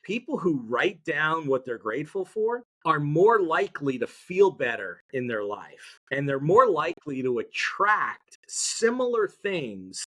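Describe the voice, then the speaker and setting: A man talking as a podcast guest in an energetic, motivational way, drawing the audience in. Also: a little high, unhurried, hardly any pauses. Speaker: podcast guest, mindset educator. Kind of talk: conversational interview.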